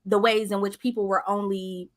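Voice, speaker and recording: A woman in a casual podcast discussion, telling a personal story in an animated, candid way. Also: mid-range voice, normal speed, dry recording.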